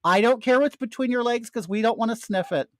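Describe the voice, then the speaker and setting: An older man telling his audience a story in a casual, animated way, with plenty of swearing and a ranting edge. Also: extremely high pitch, brisk, no echo.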